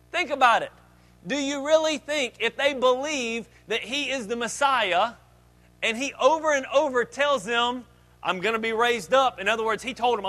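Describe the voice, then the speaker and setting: A pastor with a very high voice preaches a sermon in a lively, dynamic style, swinging between loud, fervent stretches and quiet asides. He acts out the voices of the disciples and jokes with the congregation.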